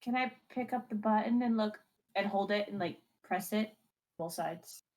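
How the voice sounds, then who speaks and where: A woman playing a tabletop game, talking in an eager, animated way. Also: mid-range voice, moderate pace, rough recording. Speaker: player. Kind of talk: casual tabletop play.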